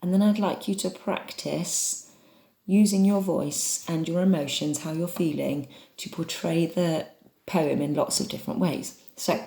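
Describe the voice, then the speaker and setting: A woman's voice: low-pitched, measured pace, vocal fry, dark tone. A woman from England leading an online drama lesson for children, chatty and encouraging as she demonstrates reading aloud. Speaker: drama teacher. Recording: echoey room.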